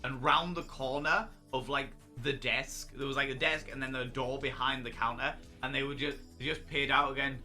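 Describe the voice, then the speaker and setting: A man's voice: medium pitch, moderate pace, hardly any pauses, soft background music. A man hosting a casual livestream, telling stories with lots of swearing and bursts of laughter. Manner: animated storyteller, swears freely, bursts into laughter. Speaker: streamer host.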